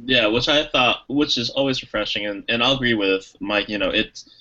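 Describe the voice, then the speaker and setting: A male podcast co-host talks through a film in a casual movie review chat, rambling at length with restarts and fillers. His medium-pitched voice is bright, forceful and fairly quick, and he slips into little acted quotes. The recording sounds a bit dull and lo-fi.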